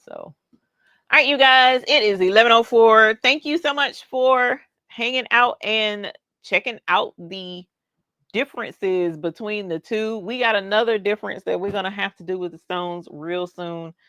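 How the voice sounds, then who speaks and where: A woman's voice: mid-range voice, a little slow, bright, forceful tone, dry recording. A woman hosting a casual livestream, reading the chat out and cheering for her viewers. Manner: bubbly, squeals and cheers at viewers.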